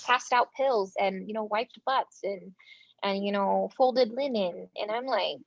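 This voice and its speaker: An American woman, a nurse, talks casually in an interview and tells lively stories, acting out quoted dialogue with plenty of fillers. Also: mid-range voice, unhurried, creaky, no room sound. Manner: animated, acts out quoted dialogue; casual speech with frequent fillers. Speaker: front line nurse, interview guest. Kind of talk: conversational interview storytelling. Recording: dull lo-fi sound, dry room.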